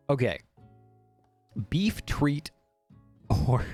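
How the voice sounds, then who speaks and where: A young man reading a game aloud on stream, breaking off into crude jokes and self-mocking remarks. His voice is gravelly and swings up and down, with faint guitar music behind. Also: mid-range voice, very animated, normal speed, darkish tone. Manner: jokey, swears, self-mocking asides.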